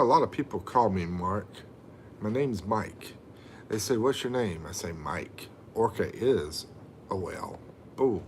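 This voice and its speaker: On a livestream, a middle-aged American man chats casually, reading viewer comments aloud and joking about them. His voice is fairly low, with slight background noise.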